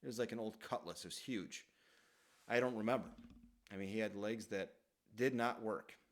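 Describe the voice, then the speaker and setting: A man's voice: lowish voice, normal speed. Profane rambling man in his thirties. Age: 30s. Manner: rambling, profane, self-deprecating. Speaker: podcast host telling childhood stories. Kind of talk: casual storytelling monologue.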